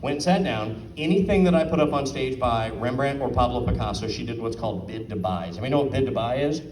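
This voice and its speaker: A man's voice: mid-range voice, animated, fast talker, a little mellow, distant mic, slight background noise. A man giving a casual talk at an art auction, asking his audience questions and acting out quotes. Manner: chatty, asks the audience questions, acts out quotes. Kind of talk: casual presentation to a live audience. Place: room with an audience. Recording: roomy sound from off the mic.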